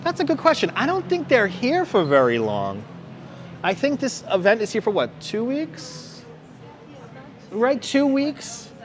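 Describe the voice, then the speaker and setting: A man's voice: a little high, slight background noise. Chatty New York man live-streaming a walk. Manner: chatty, reads out viewer names and signs. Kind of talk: casual live-stream walking tour. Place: outdoor city walkway at evening. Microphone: wireless clip-on mic.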